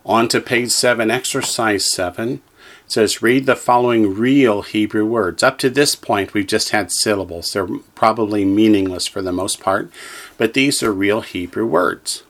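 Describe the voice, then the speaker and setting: A man's voice: on the low side, normal speed, a bit bright. A man teaching a language lesson, carefully enunciating syllables for the listener to repeat and explaining each exercise. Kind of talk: slow drill-style lesson reading.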